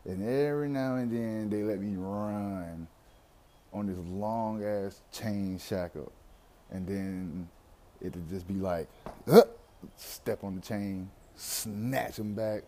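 A man's voice: on the low side, slow pace, warm tone. A young man, talking through his anxiety in a candid, rambling personal monologue full of slang and profanity.

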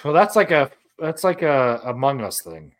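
A young man with a New York-area accent trades jokes in loose, profane podcast banter. His pitch swings widely as he argues, and he sits at a medium pitch. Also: big pitch swings, normal speed. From New Jersey or New York area. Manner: joking, argumentative, profane. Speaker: podcast co-host. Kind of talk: casual banter.

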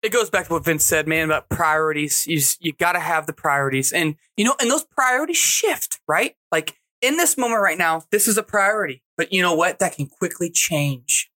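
A middle-aged man co-hosting a casual podcast chat, talking in an animated, preachy way and asking rhetorical questions. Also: a little high, brisk, few pauses. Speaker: podcast co-host.

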